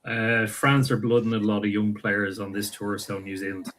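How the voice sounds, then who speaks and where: Lowish male voice on a call, careful, uh before every pick. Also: flat delivery, fairly bright tone, slight background noise. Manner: measured, hesitant "uh" before answers. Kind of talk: casual panel chat. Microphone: video call.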